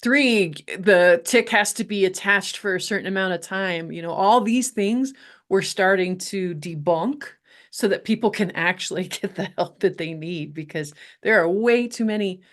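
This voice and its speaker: Candid, animated middle-aged woman guest. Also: mid-range voice, moderate pace. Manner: candid, animated, laughs often, swears casually. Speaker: podcast guest, health coach. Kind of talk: casual interview storytelling.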